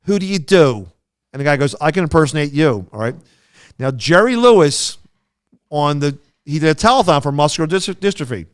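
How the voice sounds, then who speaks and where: A man co-hosting a podcast tells rambling stories, restarting sentences and slipping into quoted voices. His voice is smooth and resonant, pitched a little high. The sound is close and dry, with no room around it. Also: animated, fairly quick, no echo. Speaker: podcast co-host. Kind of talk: casual storytelling chat.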